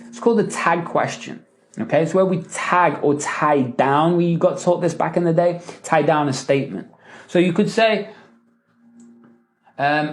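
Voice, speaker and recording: Man, podcast host, live coaching session, very animated pitch, frequent check-in tags. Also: normal speed. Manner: animated, acts out example lines with rising and falling emphasis; frequent "right?" and "okay?" tags, chuckles between points.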